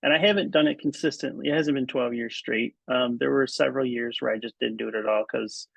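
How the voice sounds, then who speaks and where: A man who is a writer and editor, speaking as a podcast guest in a halting way with many ums and restarts. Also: mid-range voice, steady tone, gravelly, breathy edge, no echo. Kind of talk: casual interview chat. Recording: dull, muffled, dry audio.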